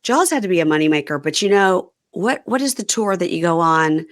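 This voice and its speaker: A woman's voice: fairly low pitch, animated, brisk. A woman hosting a podcast, chatting casually and rambling through a recap with frequent laughs. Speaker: podcast host.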